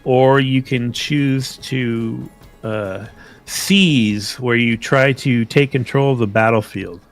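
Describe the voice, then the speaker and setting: Guy running a tabletop game, slow and unhurried, lots of uhs, faint music behind. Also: mid-range voice. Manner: unhurried explanations with fillers and restarts. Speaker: game master.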